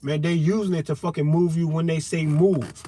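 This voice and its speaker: A man's voice: on the high side, fairly even intonation, normal speed, mellow. A man in an unscripted monologue, talking straight at his listeners in a profane, confrontational, heated way. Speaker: vlogger.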